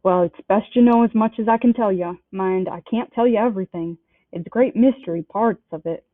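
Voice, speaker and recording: A woman reading a storybook aloud and voicing a big, gruff, kindly male giant who blusters in a rustic dialect. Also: mid-range voice, moderate pace, dry recording, natural voice. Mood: worried. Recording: dry, tinny phone-like sound.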